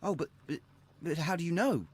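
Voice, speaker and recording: A man's voice: high voice, big pitch swings, moderate pace, darkish tone. A man voicing a nervous young male suspect in a video game, stammering and defensive under questioning.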